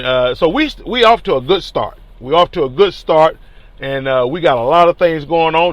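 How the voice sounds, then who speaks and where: A man, a teachers union leader telling a story in an animated, colloquial and emphatic way. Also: on the high side, no room sound. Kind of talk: casual spoken storytelling.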